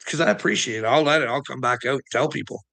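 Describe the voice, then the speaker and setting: A man's voice: medium pitch, fast talker, gravelly, sharp tone. A man delivering a profane, taunting rant as an online commentator, mocking his listeners with laughs and repeating words for emphasis. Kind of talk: ranting monologue to camera.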